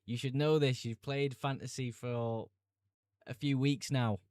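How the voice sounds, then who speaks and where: A man's voice: medium pitch, fairly even intonation, unhurried, a little mellow, no room sound. A young man streaming live, chatting casually, laughing easily, and answering viewer comments about fantasy football picks.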